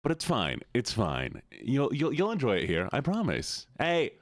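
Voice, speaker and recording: Lively, playful male streamer. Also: mid-range voice, measured pace, no room sound, studio quality. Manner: playful, teasing, greets viewers by name. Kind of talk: casual live-stream chat.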